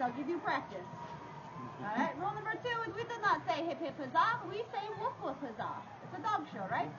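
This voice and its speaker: A woman with a very high voice runs a live dog show on an outdoor faire stage. She talks to the crowd in a playful, theatrical way. The recording sounds dull and lo-fi, with clear noise behind her.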